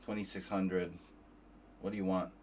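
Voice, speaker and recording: Rambling male chess streamer, low-pitched, tired and profane, loose casual talk. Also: little pitch movement, normal speed, darkish tone, a little hiss or hum. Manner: rambling and profane, many restarts.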